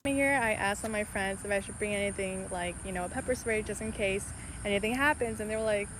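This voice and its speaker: A woman's voice: medium pitch, a little fast, fairly bright tone, a little hiss or hum, poor audio. A woman from Los Angeles telling a personal anecdote to camera in a chatty, incredulous way. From Los Angeles, United States.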